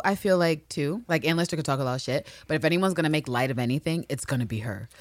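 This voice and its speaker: A woman's voice: sits low, quick pace, few pauses, no echo, clean studio sound. A woman co-hosting a podcast, recapping a TV show in casual chat. She swears freely and acts out quotes in different voices. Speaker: podcast co-host.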